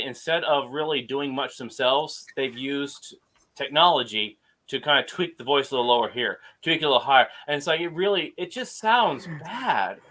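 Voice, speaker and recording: A man hosting a podcast, chatting casually and telling stories with animated emphasis. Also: mid-range voice. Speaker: podcast host. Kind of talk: casual conversation.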